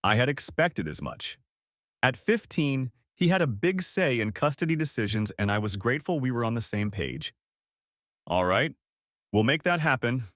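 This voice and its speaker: A middle-aged man reading a first-person story as an audiobook narrator, steady and earnest. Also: mid-range voice, normal speed, no room sound, clean studio sound.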